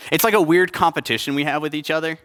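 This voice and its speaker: A man's voice: on the high side, quick pace, a bit bright, clean tone, in a large hall. A young adult man preaching a conversational sermon at a church service, joking and asking the congregation questions. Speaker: pastor.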